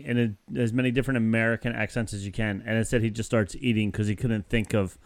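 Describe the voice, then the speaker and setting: A man hosting a podcast in casual chat, laughing often and tossing in quick asides. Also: fairly low pitch, fairly even intonation, a little hiss or hum. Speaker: podcast host.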